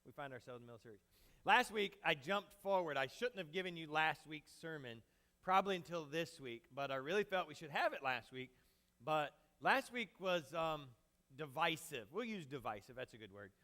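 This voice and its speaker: A man's voice: a little high, lively intonation, fairly quick, pushed and bright. A male pastor preaching a conversational sermon with a handheld mic, casual and joking with the congregation. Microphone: handheld microphone.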